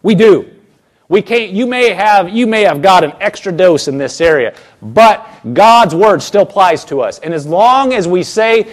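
A man with a high voice delivers a sermon from the pulpit. He speaks emphatically, repeating phrases and circling back with restarts as he presses each point. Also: lively intonation, a little slow. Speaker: pastor.

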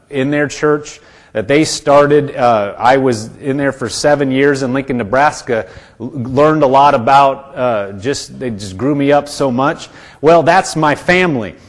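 A man preaching to his congregation in a conversational, earnest way, often restarting his sentences. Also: medium pitch. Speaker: pastor. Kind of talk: sermon.

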